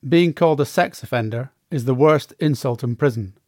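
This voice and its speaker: Brief: a male memoir narrator, measured delivery, mid-pitched, dry and close. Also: a little mellow, no room sound. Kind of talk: first-person audiobook narration.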